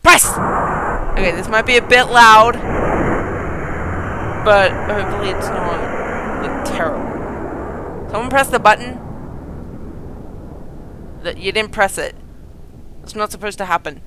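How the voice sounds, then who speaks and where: A gaming video host giving excited let's-play commentary, chatty with viewers, giggling and yelping at surprises. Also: mid-range voice, takes it slowly, long pauses, background noise. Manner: chatty, talks straight to viewers.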